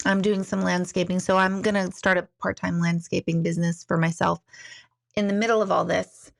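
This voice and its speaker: A woman's voice: fairly low pitch, level tone, a little fast, gravelly. A chatty middle-aged woman hosting a casual live stream, talking candidly and swearing now and then. She sounds slightly tipsy after a couple of glasses of wine. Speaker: livestream host.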